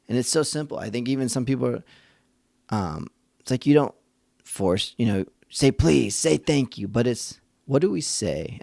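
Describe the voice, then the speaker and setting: A man's voice: mid-range voice, gravelly, a little mellow, dry recording. A man hosting a faith-based parenting podcast, talking earnestly in a conversational, thinking-aloud way. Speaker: podcast host and father.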